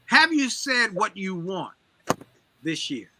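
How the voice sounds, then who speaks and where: Slow-paced and high-sitting, with big swings in pitch, a man gives an energetic motivational talk as an interview guest against a noisy background. He drives each point home through emphatic repetition in the style of a preacher.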